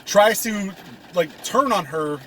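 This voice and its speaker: High-voiced man laughing through a movie recap. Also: animated, a bit bright, slight background noise. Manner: laughs often, retells scenes with quick quoted lines. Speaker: podcast co-host. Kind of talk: casual movie review chat.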